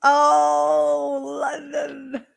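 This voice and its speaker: A woman's voice: high-pitched, completely flat delivery, drawn-out words, gravelly. A woman live streamer, chatting casually with viewers, rambling and laughing often.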